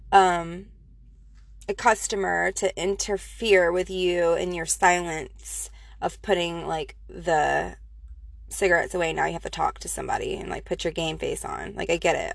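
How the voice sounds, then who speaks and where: Low gravelly woman telling a story. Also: dry recording. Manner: rambling, many fillers and restarts. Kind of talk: casual personal storytelling.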